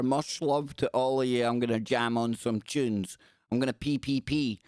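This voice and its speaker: A man's voice: medium pitch, normal speed, a little mellow, clean tone, dry recording, studio quality. A Scottish man hosting a live call-in radio show, chatting loosely and reading news stories aloud with rambling asides. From Scotland.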